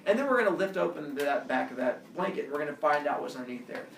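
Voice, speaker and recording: A no-nonsense police officer walks through every consequence in an even, methodical way, as a man puts him on. The voice has a gravelly edge. It is heard from across an echoey room with faint background noise. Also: a little high, quick pace, recorded from a distance. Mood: stern, matter-of-fact. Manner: patient, laying out options step by step. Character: stern adult male police officer.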